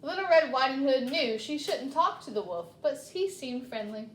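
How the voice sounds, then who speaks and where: A woman reading a children's story aloud with lively, chatty asides. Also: sits high, moderate pace, roomy sound. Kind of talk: animated read-aloud storytelling.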